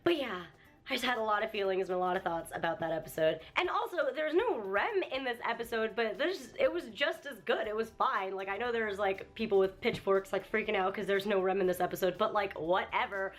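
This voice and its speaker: A young woman vlogger giving an emotional, animated anime review rant, swearing freely. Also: mid-range voice, fairly quick. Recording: faint music behind.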